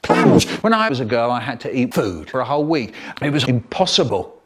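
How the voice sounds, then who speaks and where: A man doing an impression of an elderly male children's poet, telling rambling nonsense anecdotes with sudden pitch jumps. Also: sing-song, fairly quick, fairly bright tone, a little hiss or hum. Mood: absurd. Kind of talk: parody storytelling.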